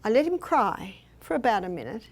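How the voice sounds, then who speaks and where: At a hotel meeting room health seminar, an older woman recounts personal stories, dramatizing what others said. Her medium-pitched voice is sing-song and a little fast, and there's background noise.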